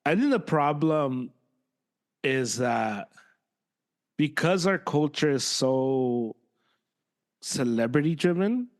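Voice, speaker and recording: A man co-hosting a podcast in casual chat, animated and given to sudden jumps in pitch when exasperated. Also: slow, pauses often. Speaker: podcast co-host.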